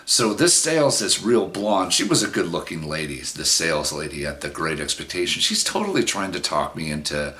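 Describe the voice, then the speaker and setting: A man's voice: low-pitched, sing-song, moderate pace, hardly any pauses, sharp tone. A middle-aged man telling a personal story in a rambling, frank and profane way, with many restarts. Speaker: vlogger. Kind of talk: casual storytelling monologue.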